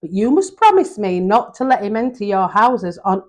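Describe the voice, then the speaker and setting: A woman voicing an old, feeble mother pig who speaks slowly and earnestly to her piglets in a storybook reading. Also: mid-range voice, big pitch swings, a little mellow, close to an everyday voice. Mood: tender, anxious. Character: old feeble mother sow, tender and worried.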